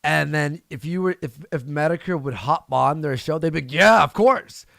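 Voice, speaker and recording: A man hosts a loose online call-in chat, with a raised voice and a gravelly edge. He reacts quickly and in disbelief, then turns to question his guest. The sound is dry, recorded over a voice call. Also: on the high side, a bit bright, no room sound. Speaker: podcast host. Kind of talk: casual stream chat.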